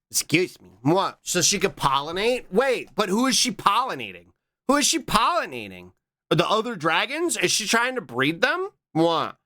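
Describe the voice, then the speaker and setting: A man on a live stream, chatting loosely with his viewers. His voice sits a little high and sounds bright and forceful, and his pitch jumps around a lot as he bounces between remarks and quick "what?" replies to chat. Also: wildly swooping pitch.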